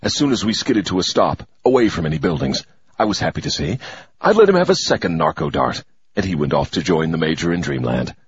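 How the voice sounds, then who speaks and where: A man tells a first-person adventure tale with expressive, dramatic storytelling. His low, husky voice rises and falls with lively swings. The recording sounds muffled and lo-fi. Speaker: audiobook narrator. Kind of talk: scripted first-person narration.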